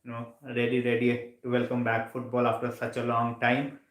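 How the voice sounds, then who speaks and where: A man's voice: medium pitch, normal speed, roomy sound, poor audio. Sleepy man chatting on a live stream. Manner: relaxed, repeats phrases, many fillers. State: sleepy, yawning. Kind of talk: casual live stream chat. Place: home room, late at night.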